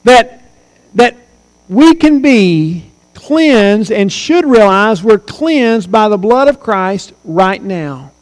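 A man's voice: sits high, long reverb tail, rough recording. A man in his forties preaching a sermon as pastor, earnest and emphatic, repeating key phrases. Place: church sanctuary.

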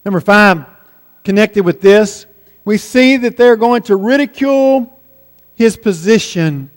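A man preaching a sermon, slow and deliberate, letting key words fall quiet for weight. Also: sits high. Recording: long hall reverb.

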